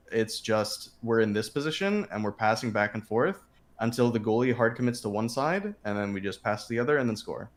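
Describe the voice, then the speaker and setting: A man walks a player through game tactics over a shared screen. His voice sits on the lower side, and he explains patiently, dotting his talk with ums and quick restarts. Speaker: game coach.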